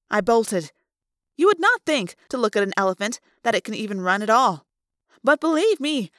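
Woman, audiobook reader, first-person novel, higher voice, dry close sound. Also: a bit bright, no echo. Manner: dramatic reading with voiced sound effects.

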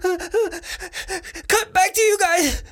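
Freezing field reporter, high strained shouting, put on by a man. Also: unhurried.

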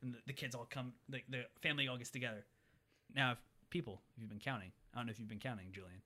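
A man talking fast and brightly in a relaxed podcast chat, recapping a film scene by scene. He keeps slipping into quick impressions of the characters as he tells it. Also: medium pitch. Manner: animated, acts out characters' lines. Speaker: podcast co-host recapping a movie. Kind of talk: casual chat.

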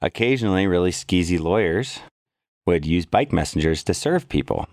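A man with a very low voice tells a story in a loose, casual way. He gets animated and pushes his pitch way up for quoted lines. The sound is dry and close. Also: normal speed, dry recording. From worked in San Francisco. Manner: animated storyteller, jumps high when quoting people. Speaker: podcast guest.

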